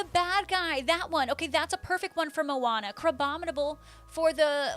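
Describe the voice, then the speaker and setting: Bubbly high-voiced woman streamer. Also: brisk, hardly any pauses, fairly bright tone, faint music behind. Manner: bubbly, chatty, reads chat aloud. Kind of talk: casual live-stream chat.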